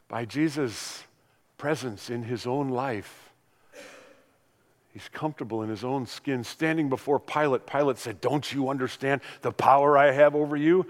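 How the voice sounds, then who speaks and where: An older man, a pastor, delivering a sermon that swings between loud emphatic lines and hushed ones. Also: fairly high pitch, long reverb tail.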